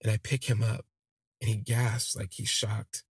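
A man's voice: fairly low pitch, flat delivery, a little slow, slightly rough, no room sound. A man casually telling a personal story on his podcast, candid and rambling, with lots of fillers. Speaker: podcast host.

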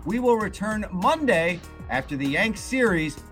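A man's voice: high-pitched, big pitch swings, measured pace, fairly bright tone, soft background music. A man hosting a podcast, signing off the episode in an upbeat, announcer-like way. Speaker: podcast host. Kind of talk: podcast sign-off.

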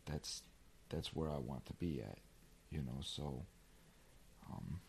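A man's voice: very deep voice, expressive, takes it slowly, creaky, a little mellow, a little hiss or hum. A man co-hosting a podcast, talking earnestly and emphatically in casual chat, often repeating a word as he restarts.

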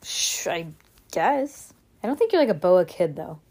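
Woman reading a storybook aloud, lively. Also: fairly low pitch, a little slow, breathy edge. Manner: lively, expressive storytelling, casual asides. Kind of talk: storybook read-aloud at home.

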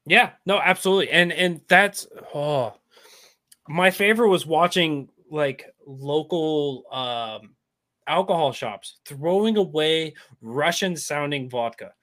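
A man as a podcast guest, talking politics in an animated, rambling way with many restarts. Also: on the high side, slow. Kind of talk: casual political talk.

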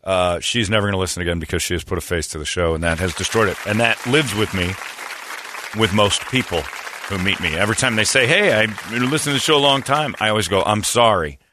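A man's voice: deep voice, quick pace, a crowd in the background, noisy background. A man hosting a radio show, telling self-deprecating stories and acting out the people he quotes. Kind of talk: casual storytelling on morning radio.

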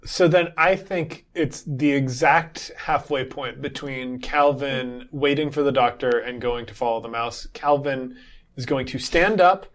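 A man's voice: mid-range voice, measured pace. A man playing a tabletop game, describing his character's actions casually with many fillers. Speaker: player.

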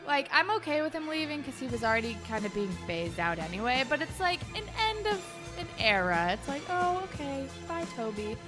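A young woman with a slightly high voice chats animatedly as a podcast co-host, cursing freely and acting out characters. Faint music sits quietly underneath. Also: big pitch swings, brisk, hardly any pauses. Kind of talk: casual recap chat.

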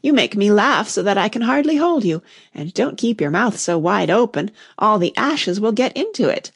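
A woman's voice: medium pitch, sing-song, normal speed, creaky. A woman voicing a curious, polite young girl in a storybook reading, eager and chatty. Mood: fond.

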